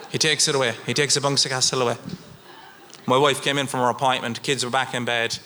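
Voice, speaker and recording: A middle-aged Irish man performing stand-up comedy, telling a story with swings from low mutters to high outbursts. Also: fairly even intonation, fast talker, background noise. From Ireland. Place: live stage.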